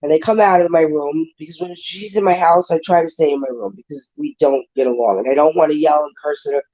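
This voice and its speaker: A woman's voice: low voice, steady tone, fast talker, dark tone, muffled recording. A woman hosting a casual livestream chat. She talks bluntly and emotionally and swears freely. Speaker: livestream panel host.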